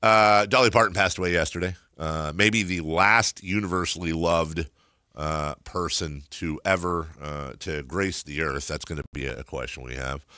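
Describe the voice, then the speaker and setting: A man's voice: low voice, moderate pace, no echo, clean studio sound. A man hosting a sports radio show, telling rambling stories in casual on-air banter. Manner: rambling, animated storytelling. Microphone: studio microphone.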